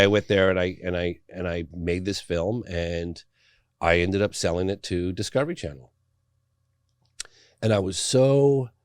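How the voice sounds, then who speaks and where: A middle-aged English documentary filmmaker, a guest on a podcast, tells his story in a casual interview and acts out the people he quotes. His voice sits low, and the recording is dry with clean studio sound.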